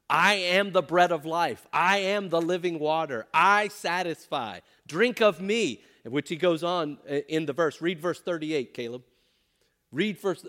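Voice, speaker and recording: A man's voice: fairly high pitch, fairly bright tone. A man teaching scripture to a group, emphatic, often asking them questions. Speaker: pastor or Bible teacher. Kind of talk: interactive Bible teaching.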